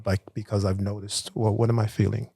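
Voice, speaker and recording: A middle-aged man co-hosting a casual conversation, talking in a thoughtful, halting and self-reflective way. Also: lowish voice, flat delivery, gravelly, dark tone, breathy edge, no room sound, clean studio sound. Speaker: podcast co-host.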